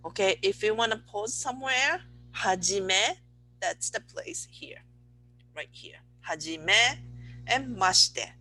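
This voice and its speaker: Patient Japanese-accented woman teaching slowly. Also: mid-range voice, lively intonation, bright, forceful tone, rough recording. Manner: patient, repeats words slowly, asks "okay?" often. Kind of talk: online language lesson.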